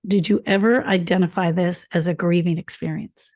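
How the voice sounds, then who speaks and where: A woman's voice: on the low side, steady tone, normal speed, darkish tone, no room sound, studio quality. A woman hosting a podcast interview, reacting with brief affirmations and asking thoughtful questions. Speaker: podcast host.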